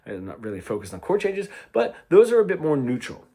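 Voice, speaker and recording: A man's voice: a little high, huge pitch swings, fairly quick, dark tone, slightly rough. A man teaching guitar in a casual lesson, talking in a chatty way and checking in with frequent "right?" asks between his playing examples. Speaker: guitar coach. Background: guitar playing between phrases.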